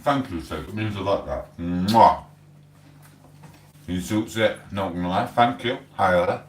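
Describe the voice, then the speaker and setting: A middle-aged English livestream host chats in a rambling way at home, eating and reading messages from chat aloud. His deep voice keeps a measured pace, sounding far from the mic in a roomy space with a little hiss or hum.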